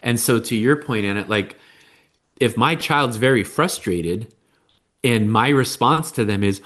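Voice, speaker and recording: Male guest, parenting coach, conversational, slips into voices for his examples, mid-pitched. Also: animated, measured pace, fairly bright tone. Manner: conversational, explains with acted-out quotes. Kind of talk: podcast interview.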